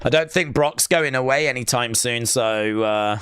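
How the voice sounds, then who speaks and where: A man's voice: mid-range voice, a little slow, a bit bright, clean tone, no echo, clean studio sound. A man hosting a live wrestling watch-along with teasing, sarcastic play-by-play. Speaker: live stream host.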